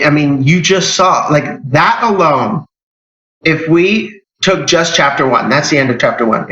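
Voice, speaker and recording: A man teaches a Bible lesson as an informal sermon, talking in a conversational way with emphatic rises and restarts. His voice is bright, forceful and fairly high. The recording is dull and lo-fi, set in an echoey church hall.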